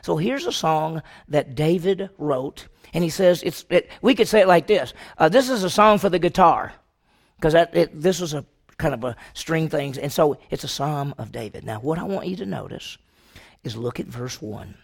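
A man with a slightly high, gravelly voice leads a Sunday school Bible lesson. He talks emphatically, repeats and restarts his words, and keeps putting rhetorical questions to the class. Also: expressive, moderate pace. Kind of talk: Bible class teaching with prayer.

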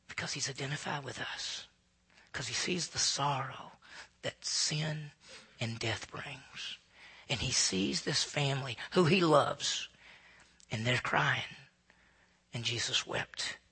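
A male pastor preaching a sermon, dramatic, swinging between loud emphasis and hushed near-whispers. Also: sits high, gravelly, husky. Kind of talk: sermon, Bible teaching.

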